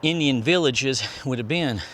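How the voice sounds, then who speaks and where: A man's voice: mid-range voice, normal speed, fairly bright tone, slight background noise. Easygoing man touring outdoors. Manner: easygoing, rambling, reads signs aloud. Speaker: vlogger and tour guide. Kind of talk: casual touring commentary. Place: outdoors at a historic site on a hot day.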